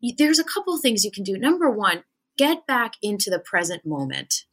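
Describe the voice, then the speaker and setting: A young adult woman, a spiritual medium, chatting casually on a podcast, telling animated stories and acting out the voices of the people in them. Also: medium pitch, a little fast, husky.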